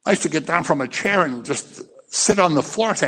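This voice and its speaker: An impassioned male preacher delivering a sermon, scolding his listeners and acting out little scenes. His pitch swoops up and down with great animation. The voice rings out with a long reverb in a large hall. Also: expressive, a little fast, sharp tone, a little hiss or hum.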